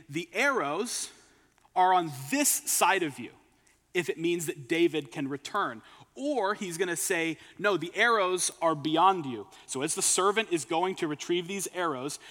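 A man delivers a sermon, retelling scripture as a story and stopping for emphatic asides. His voice sits a bit higher than most men's. The sound trails off into the long reverb of a large hall. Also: sharp tone. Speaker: preacher.

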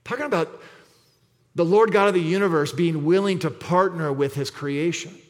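A man's voice: a little high, normal speed. A man preaching a sermon as pastor, emphatic, repeating scripture and asking rhetorical questions. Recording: long reverb of a large hall.

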